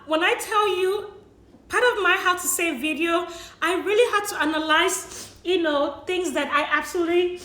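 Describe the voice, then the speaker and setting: Young woman, tearful, sniffly, high voice, roomy echo, laughing through tears. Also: normal speed, pushed and bright. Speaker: vlogger sharing money tips. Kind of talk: emotional personal vlog.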